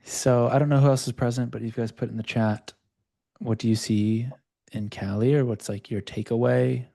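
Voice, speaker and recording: A man hosting a live video call session, calmly coaching a participant and talking openly about his own past. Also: medium pitch, normal speed, vocal fry. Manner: calm, reflective, speaks of own past openly.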